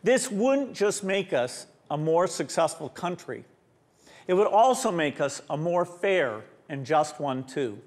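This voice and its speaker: A man finishing a prepared speech in a measured, earnest way. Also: on the high side, very animated, a little mellow. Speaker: speaker.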